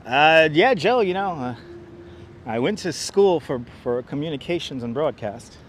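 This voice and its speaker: Man, livestream host, sarcastic chatty street talk, slightly high voice, clip-on mic outdoors with faint traffic. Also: animated, measured pace, rough recording. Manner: sarcastic, chatty, answers viewers by name. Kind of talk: casual walking livestream chat. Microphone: wireless clip-on mic.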